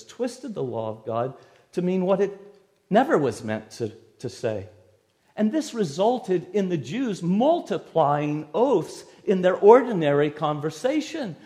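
Working through the text verse by verse, a high-pitched man delivers an expository sermon. He preaches emphatically, shifting between loud emphasis and abrupt quiet dips.

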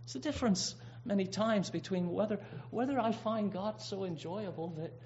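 Male preacher, sermon, earnest, emphatic, slightly high voice, dull lo-fi recording. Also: a little mellow, slight background noise. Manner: earnest, emphatic, halting restarts, stretches key words.

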